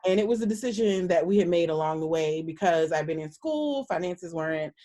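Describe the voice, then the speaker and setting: A woman's voice: on the low side, animated, fairly quick, warm tone. A woman guest, a minister, telling a personal story in an interview in a candid, earnest way, acting out the lines of the people in it.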